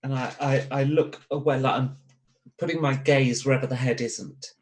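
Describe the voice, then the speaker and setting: A man's voice: mid-range voice, steady tone, normal speed. A man playing a tabletop horror game, speaking in a stammering, nervous way. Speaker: player.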